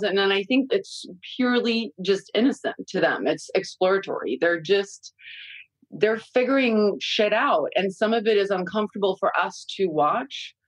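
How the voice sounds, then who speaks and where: A woman in her forties talks candidly into a studio mic, swearing freely as she spins animated parenting stories. Her voice is mid-pitched and dry, with no room echo. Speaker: guest consultant. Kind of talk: casual podcast chat.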